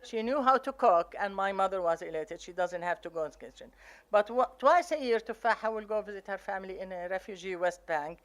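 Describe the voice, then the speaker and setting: An older woman from Palestine with an Arabic accent, telling family stories from her memoir with lively, acted-out quotes. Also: medium pitch, brisk. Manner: animated storytelling, acting out family quotes. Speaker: memoir author.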